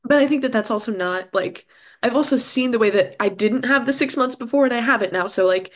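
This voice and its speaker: A woman's voice: fairly high pitch, fairly quick. A woman guest in a casual chat. She talks with lots of likes and ums and laughs often.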